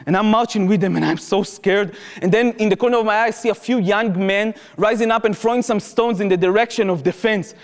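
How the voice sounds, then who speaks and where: A man's voice: high-pitched, a little fast, few pauses. A man tells a personal story in an earnest, vivid way, with slightly phrasing. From Israel. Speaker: public speaker, former soldier. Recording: reverberant hall.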